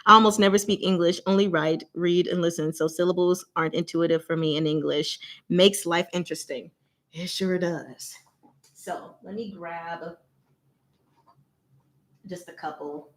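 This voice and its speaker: A young woman hosting a casual livestream, chatting with viewers, speaking slowly and deliberately and laughing often. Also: fairly low pitch, fairly even intonation, fairly bright tone. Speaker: channel host.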